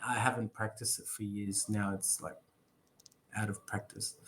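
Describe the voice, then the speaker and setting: A man's voice: lowish voice, level tone, moderate pace, fairly bright tone. A man teaching English over a video call, playful and encouraging, joking as he coaches pronunciation. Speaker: English tutor. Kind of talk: casual online lesson.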